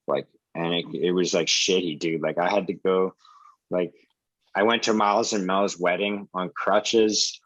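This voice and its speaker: A man's voice: low-pitched, fairly even intonation, a little slow, fairly bright tone, no echo, poor audio. A man in his twenties telling a story over a video call in a casual, rambling way, full of swearing and filler words. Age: 20s. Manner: rambling, profane, lots of "like" and "dude". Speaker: support group host.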